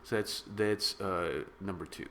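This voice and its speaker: Deep male voice, excitable, casual film review, slangy, faint background hum. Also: unhurried. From of British descent. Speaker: movie reviewer.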